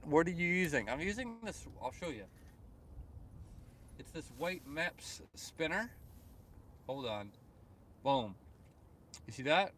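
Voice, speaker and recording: Canadian dude streaming from his phone by the lake, chill rambly chat, faint outdoor hum behind. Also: on the high side. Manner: reads chat messages aloud and answers them, relaxed and chatty with frequent fillers. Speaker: fishing livestreamer. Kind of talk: casual live-stream chat. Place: outdoors by the water at sunrise.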